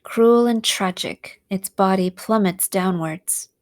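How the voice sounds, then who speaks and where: A woman narrating a visual novel aloud in a slow, soft storytelling manner. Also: mid-range voice.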